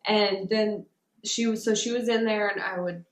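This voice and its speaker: A woman's voice: medium pitch, fairly even intonation, moderate pace. A young woman telling her personal recovery story in an interview, talking casually and rambling with many fillers. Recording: roomy echo.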